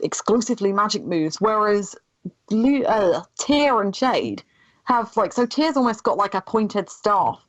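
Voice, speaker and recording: A woman's voice: medium pitch, sing-song, a little slow, dry recording, highs cut off. A woman chatting enthusiastically on a game podcast panel. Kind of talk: casual panel chat.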